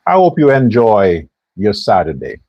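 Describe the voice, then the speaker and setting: A man's voice: lowish voice, huge pitch swings, a little slow, no echo, dull audio. A man hosting a political commentary show, delivering a sarcastic and preachy rant. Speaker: host.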